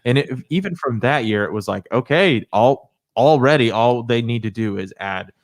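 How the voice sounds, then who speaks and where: A man co-hosting a sports podcast, relaxed and joking. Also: mid-range voice, normal speed, dry recording. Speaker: podcast co-host. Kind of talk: casual sports chat.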